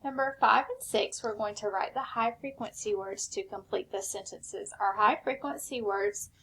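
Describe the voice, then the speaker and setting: Woman teacher, patient step-by-step spelling lesson, gravelly voice, faint hiss behind. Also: mid-range voice, fairly bright tone. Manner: slow, patient step-by-step instruction.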